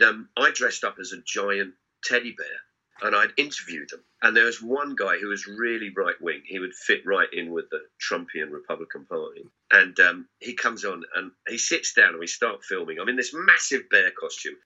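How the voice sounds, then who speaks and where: Middle-aged man, guest storyteller, bright husky voice, comic anecdotes. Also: lowish voice, moderate pace. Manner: animated, swearing storyteller. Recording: dull lo-fi sound.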